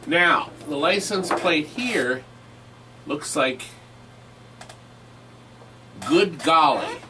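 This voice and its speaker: A man's voice: a little high, expressive, extremely slow, pushed and bright, slight background noise, rough recording. A man hosting a live online auction stream, joking while describing items up close.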